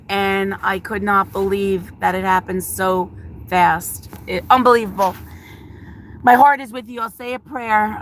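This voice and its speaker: A woman's voice: medium pitch, a little hiss or hum. A middle-aged woman, a schoolteacher, chatting casually on a live stream from her car, reading viewer comments aloud with frequent laughs and fillers. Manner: chatty and warm, laughs often, many fillers. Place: inside a car.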